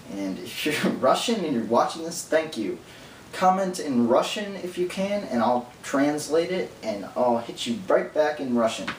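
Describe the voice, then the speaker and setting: A man rambles to his camera in a fast, nerdy monologue full of tangents and asides. His voice sits in the middle range and sounds distant from the microphone. A roomy echo and a faint hum fill the background. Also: medium pitch, a little mellow. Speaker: vlogger.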